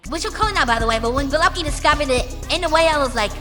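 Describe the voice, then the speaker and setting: A woman musician answers interview questions in a breezy, emphatic way, tossing in slangy asides. Her voice sits high and sounds bright and sharp. A long reverb trails her words over faint music. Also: fast talker, hardly any pauses. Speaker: musician and channel owner being interviewed.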